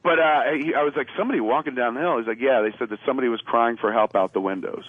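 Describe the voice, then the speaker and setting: Fast-talking man on a tinny radio line. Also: medium pitch, dry recording. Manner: animated storyteller acting out quoted lines; loose and profane, with filler words. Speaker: radio show guest. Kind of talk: casual anecdote on a radio talk show. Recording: narrow phone-like radio sound.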